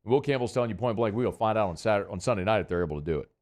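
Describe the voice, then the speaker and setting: A man's voice: on the low side, expressive, rapid-fire, darkish tone. A middle-aged man hosting a sports talk radio show, chatting in a folksy way straight to his listeners.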